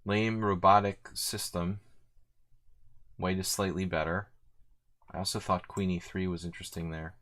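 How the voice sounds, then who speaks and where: Here a man with a low-pitched, level voice speaks briskly as he plays blitz chess on stream. His live commentary wanders as he reasons aloud, leaning heavily on the word "like."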